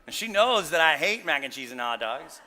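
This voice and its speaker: A man's voice: on the high side, very animated, moderate pace, bright, forceful tone, a little hiss or hum. A middle-aged male pastor preaching a casual sermon, telling candid, self-deprecating stories and checking in with the congregation with asides like "right?". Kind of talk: conversational sermon.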